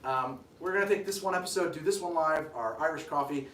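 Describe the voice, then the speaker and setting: A man's voice: fairly high pitch, fairly quick, fairly bright tone, reverberant, distant mic. A man hosting a cocktail show, chatting casually on a live stream as he makes a drink, with rambling, self-deprecating asides.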